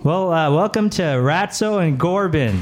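A man's voice: a little high, lively intonation, unhurried. A man hosting a comedy game show, announcing in a rambling, stumbling way.

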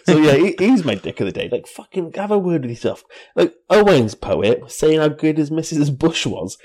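A Welsh man trades giggly, sweary banter as a podcast co-host. His voice sits a little high and swings up and down a lot, bouncy and animated. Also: normal speed. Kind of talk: casual tipsy chat.

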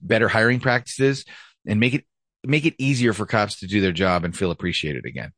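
A former police officer hosts a casual podcast chat with a blunt, profane delivery. His voice sits low, and the recording is dry and close with no room sound. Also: a little fast, fairly bright tone, dry recording.

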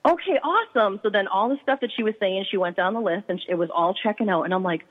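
A woman's voice: medium pitch, quick pace. A woman, a psychic medium guest, telling a story and acting out the dialogue with quoted voices. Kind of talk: animated storytelling. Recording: tinny phone line.

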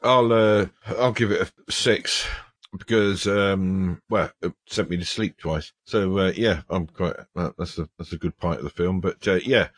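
A man with a fairly low voice talks on a film podcast, teasing his co-host and pausing often on fillers. The sound is dry and close to the mic. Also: dry recording. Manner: teasing, hesitant with many fillers. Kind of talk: casual film review chat.

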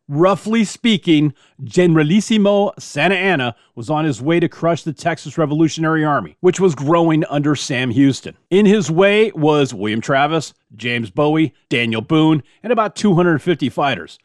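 A male podcast host narrating history in a chatty, self-deprecating way. His voice sits a little high. The sound is dry and close. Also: no room sound.

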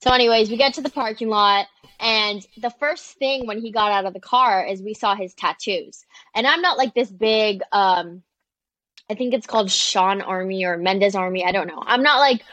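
Brief: young woman, animated storyteller, dry close sound, mid pitch. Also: moderate pace, no room sound. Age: young adult. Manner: chatty and animated, many "like"s, quoting people. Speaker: guest, social media creator. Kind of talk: casual storytelling in an interview.

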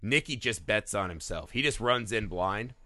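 A man co-hosting a casual film podcast, talking in an animated, profane way and laughing often. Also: lowish voice, normal speed, dry recording, clean studio sound. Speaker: podcast co-host.

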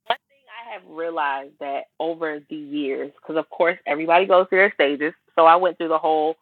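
Lady guest on a podcast, lowish voice, sounds like a dry tinny phone line. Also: brisk, no room sound. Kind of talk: casual podcast chat.

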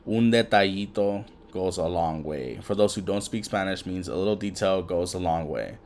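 A man's voice: deep voice, normal speed, hardly any pauses, darkish tone, slight background noise. Rambling, foul-mouthed male podcast host. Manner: rambling, heavy swearing, lots of fillers. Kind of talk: casual chat.

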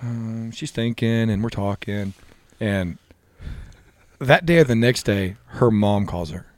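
A young man co-hosting a casual podcast with friends by a fire, telling stories animatedly and breaking into loud excited outbursts. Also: lowish voice, unhurried, no room sound. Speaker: podcast co-host. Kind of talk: casual chat among friends.

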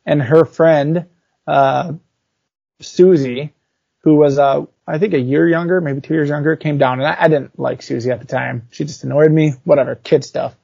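A man telling a childhood story in casual chat, animated and chatty, full of fillers. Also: a little high, normal speed, gravelly, dry recording. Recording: dull lo-fi recording.

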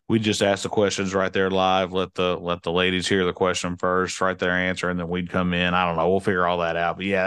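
A man's voice: sits low, fairly bright tone, clean tone, dry recording. A man co-hosting a casual podcast, joking around and playing innocent when teased. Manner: jokey, playfully defensive. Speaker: podcast co-host. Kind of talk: casual chat.

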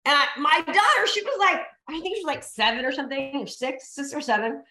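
A woman's voice: sits high, big pitch swings, a little fast, hardly any pauses, pushed and bright. A woman giving a motivational talk to a live audience, emphatic and repetitive as she coaxes the crowd. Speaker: motivational speaker. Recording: echoey room.

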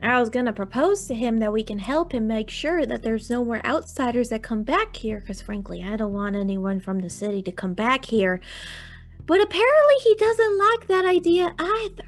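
A woman's voice: a little high, expressive, moderate pace. A woman playing a tabletop game in character, speaking in a prim, politely formal way. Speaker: player. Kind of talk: in-character tabletop role-play.

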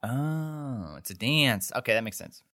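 Bright-voiced man chatting casually. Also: mid-range voice, animated, measured pace. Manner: rambling, frequent "like", acts out quotes. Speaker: podcast co-host. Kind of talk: casual chat recapping a TV episode.

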